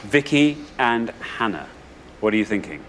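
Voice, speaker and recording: A man with an English accent hosting a quiz show, brisk and upbeat, building suspense before each reveal. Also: on the low side, sing-song, a bit bright. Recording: studio audience and background noise.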